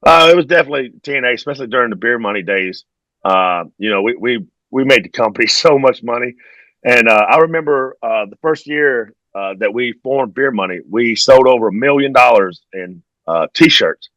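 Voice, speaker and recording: A middle-aged man, a podcast guest telling stories in a relaxed, drawling way and laughing along as he goes. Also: mid-range voice, brisk, no echo, low-quality recording. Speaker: podcast guest, former pro wrestler. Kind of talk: casual interview storytelling.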